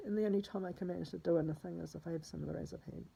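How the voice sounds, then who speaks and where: Woman, very breathy, gravelly voice, distraught, rambling, profane, slips into whispers. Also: fairly low pitch, fairly even intonation, very fast, warm tone, poor audio. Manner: drops to a husky whisper. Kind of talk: personal spoken diary.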